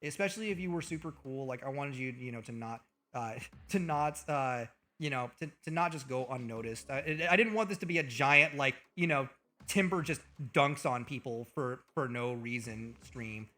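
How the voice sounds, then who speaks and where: A young man streaming live, chatting casually in a rambling, excitable way with a lot of swearing. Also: mid-range voice, moderate pace.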